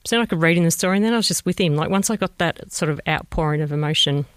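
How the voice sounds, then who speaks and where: A woman with an Australian accent, a mother gently recalling a painful family story in an interview and re-enacting what people said. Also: low-pitched, very fast, smooth, no room sound. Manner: reflective, gentle, re-enacts conversations. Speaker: bereaved mother telling her story. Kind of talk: personal recollection, interview.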